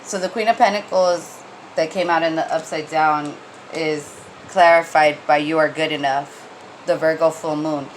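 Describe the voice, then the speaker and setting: Chatty woman reading tarot, low voice. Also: fairly even intonation, normal speed, slight background noise, rough recording. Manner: rambling, conversational, frequent fillers and restarts; blunt, gets heated. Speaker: tarot reader.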